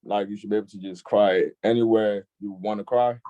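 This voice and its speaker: A young man hosting a casual online youth discussion, laid-back and filler-heavy, often agreeing with a quick "facts.". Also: on the low side, steady tone, phone-quality sound. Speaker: youth group discussion host.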